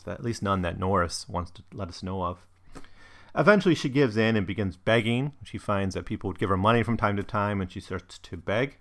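A man's voice: on the low side, a bit bright. A man discussing a novel and reading passages aloud, thoughtful, with frequent ums and restarts. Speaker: book reviewer.

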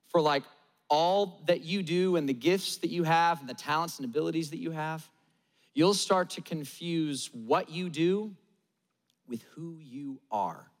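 A man's voice: a little high, in a large hall. A male pastor preaching a sermon in a conversational, emphatic style, with lots of repetition.

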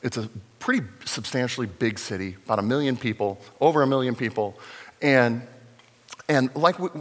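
A middle-aged man preaching a sermon as pastor, in a conversational, animated storytelling manner. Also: mid-range voice. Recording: long reverb of a large hall.

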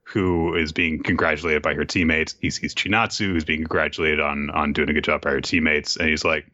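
A man's voice: rumbling low, level tone, a little fast, few pauses, pushed and bright, no room sound. A man co-hosting a podcast, recapping a manga in a rambling, laughing casual chat. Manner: rambling, laughing, lots of fillers. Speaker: podcast co-host. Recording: dull lo-fi sound, dry.

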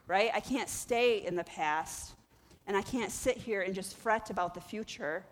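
A woman's voice: medium pitch, measured pace, big-room sound. A woman pastor preaching a sermon in a church, conversational and emphatic, rising and falling in intensity.

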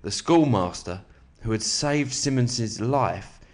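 A man with a slightly sore throat, hosting a podcast in a relaxed, matey way and reading aloud from a book at an even, measured pace. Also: medium pitch. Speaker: podcast host.

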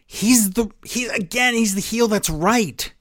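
A man co-hosting a podcast, chiming in on a wrestling recap with quick reactions and wry agreement. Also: sits high, fairly bright tone, no echo, studio quality. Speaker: podcast co-host. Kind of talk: casual wrestling recap chat.

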